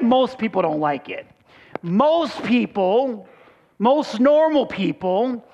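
Male pastor, very high voice, chatty sermon delivery with rhetorical questions, muffled lo-fi sound. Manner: conversational preaching with rhetorical questions.

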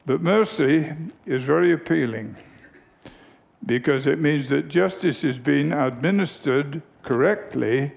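A man preaching a sermon, telling a family story in a slow, deliberate, teaching tone. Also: a little high, vocal fry, darkish tone, lo-fi sound.

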